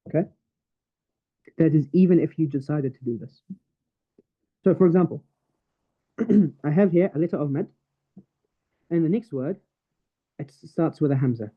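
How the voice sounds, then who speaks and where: A man teaching a Quran recitation class online, explaining patiently step by step and reciting verses as examples. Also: a little high. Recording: tinny phone-like call audio.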